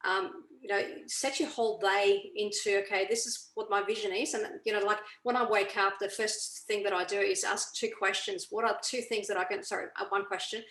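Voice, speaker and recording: A woman's voice: medium pitch, steady tone, moderate pace, few pauses, a bit bright. Woman coaching over a roomy call. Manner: explanatory, keeps checking with "okay?". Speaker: guest coach. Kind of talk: casual explaining on a video call. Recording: roomy echo.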